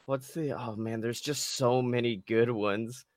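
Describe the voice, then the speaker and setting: A man's voice: medium pitch, steady tone, unhurried, no echo, clean studio sound. A man co-hosting a podcast, joking playfully and swearing freely in casual chat. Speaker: podcast co-host.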